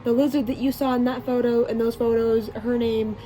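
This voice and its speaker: A woman's voice: fairly high pitch, little pitch movement, brisk, mellow, low-quality recording. A teenage girl narrating her vacation vlog in a rambling, chatty way, full of fillers and restarts. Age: teens. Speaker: vlogger. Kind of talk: casual voice-over storytelling.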